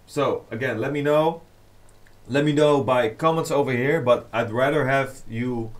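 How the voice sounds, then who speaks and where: A man hosts a casual DJ livestream, talking slowly and unhurriedly. He rambles with plenty of fillers and reads fan comments out loud. His pitch sits at an ordinary middle level. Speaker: DJ and producer livestreaming to fans.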